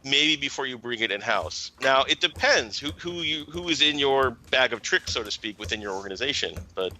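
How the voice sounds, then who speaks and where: A man's voice: medium pitch, animated, fairly quick, pushed and bright, low-quality recording. A man, a marketing teacher, speaking as a guest on a podcast and explaining his ideas in a casual, thoughtful way, often checking in with "right?".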